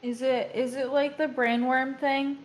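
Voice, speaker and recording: A woman's voice: high-pitched, flat delivery, measured pace. A woman player in a tabletop role-play, eager and questioning.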